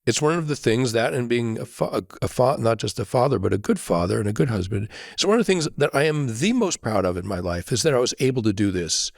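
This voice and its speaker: A man as a podcast guest, telling a reflective story in an earnest way, often checking in with a quick "right?". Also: mid-range voice, expressive, creaky, dry recording, clean studio sound.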